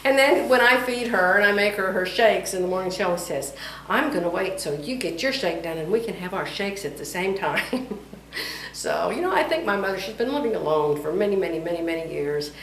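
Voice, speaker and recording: A middle-aged woman chats casually in her home vlog, speaking briskly in a medium-pitched voice and laughing often. She gets animated when quoting others, and the recording sounds roomy and distant, with slight background noise.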